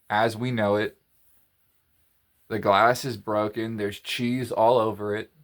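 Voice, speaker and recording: A man's voice: fairly low pitch, level tone, takes it slowly, pauses often. A man telling a story in a casual monologue, rambling, repeating phrases and restarting his sentences. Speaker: podcast host.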